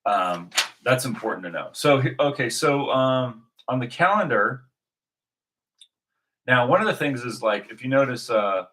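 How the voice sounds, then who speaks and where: A man's voice: mid-range voice, animated, unhurried, a bit bright. A man giving an unscripted, rambling religious monologue to his video audience, with many restarts and fillers. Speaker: video host.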